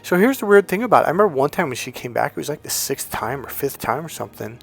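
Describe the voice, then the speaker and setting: A man's voice: a little high, sing-song, fast, creaky, husky. Blunt, profane male dating coach. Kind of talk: casual storytelling monologue.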